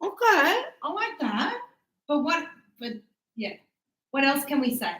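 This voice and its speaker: Slow, encouraging woman teaching a class. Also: sits high, sing-song, fairly bright tone, reverberant, poor audio. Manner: encouraging, checks understanding with tag questions; slow, drawn-out words for teaching. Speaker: English teacher. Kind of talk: classroom grammar lesson.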